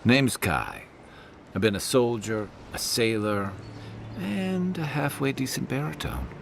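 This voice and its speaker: An actor playing a roguish former soldier and sailor companion in a game, with dry joking banter. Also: male voice, very animated, a little slow, vocal fry, slight background noise. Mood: wry. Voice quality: very deep, slightly filtered.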